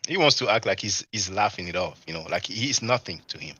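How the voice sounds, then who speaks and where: A man's voice: on the low side, animated, brisk, pushed and bright, slightly rough, no echo. A man giving casual commentary on a live stream and reading chat, mocking and scornful, often asking "you see?". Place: abroad in Europe.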